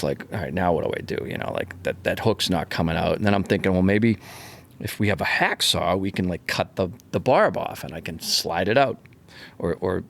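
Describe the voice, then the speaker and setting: A man, a fishing charter captain, telling a story in a casual, animated way, acting out the voices as he goes. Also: deep voice, vocal fry. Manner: animated, acts out voices, swears freely.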